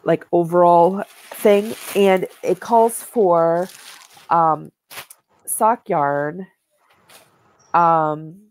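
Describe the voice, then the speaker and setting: A woman's voice: fairly low pitch, fairly even intonation, very slow, long pauses, darkish tone. A woman co-hosting a knitting show, chatting casually and showing yarn and fabric to the camera, rambling with many "like"s and "um"s.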